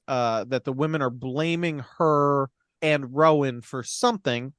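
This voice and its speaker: A man's voice: mid-range voice, dry recording, studio quality. A man casually retelling a movie's plot on a podcast, acting out characters' lines with profanity and frequent laughs. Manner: animated, profane, laughs often. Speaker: podcast co-host recapping a film.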